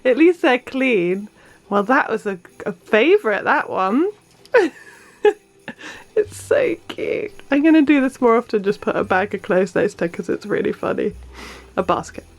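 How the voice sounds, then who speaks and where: A woman's voice: on the high side, sing-song, normal speed. A woman and new mother chatting casually in her vlog, bubbly and gushing, slipping into sing-song baby talk.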